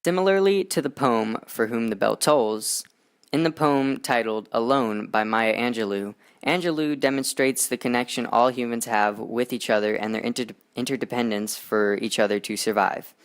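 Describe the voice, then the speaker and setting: A teenage boy reads out a section of a class poetry project in a plain, even manner. His voice is mid-pitched and smooth. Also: moderate pace. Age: teens. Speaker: student presenter. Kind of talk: reading a school poetry explication.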